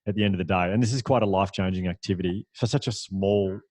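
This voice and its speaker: Man, low voice, dry close-mic sound, chatty storyteller, restarts a lot. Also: fast talker, dry recording. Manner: lively anecdotal storyteller with frequent restarts and fillers. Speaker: podcast guest. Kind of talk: storytelling in a conversational interview.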